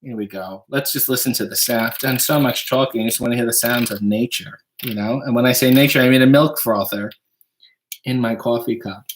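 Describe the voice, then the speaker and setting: A man's voice: medium pitch, a little fast, a little hiss or hum. A man hosting a casual livestream from his home kitchen, reading viewer donations and tossing off dry, wry jokes while making coffee. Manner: wry, dry joking asides.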